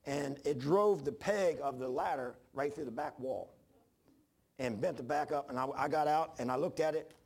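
A man's voice: a little high, moderate pace, a little mellow, slightly rough. A man preaching an informal sermon, rambling through personal stories with frequent restarts and self-deprecating humor.

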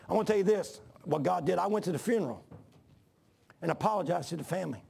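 A middle-aged man preaching a sermon as pastor, telling a personal story and repeating phrases as he builds to shouts. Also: sits high, expressive, fast talker, vocal fry, breathy edge.

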